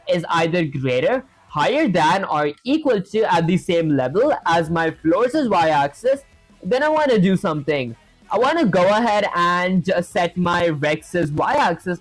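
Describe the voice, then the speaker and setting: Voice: medium pitch, no room sound. A streamer thinking aloud while coding live, talking casually and rambling with frequent self-corrections, and answering chat questions.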